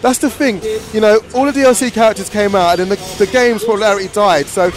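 A man's voice: sits high, quick pace, faint music behind. A young man from England with a London accent, chatting casually as a commentator at a gaming tournament, jokey and rambling.

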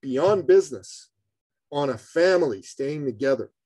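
A man telling a personal story as a guest on a podcast, in a fairly high, lively voice. He is animated and conversational. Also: measured pace, no room sound, poor audio. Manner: animated storyteller, calls the host "brother".

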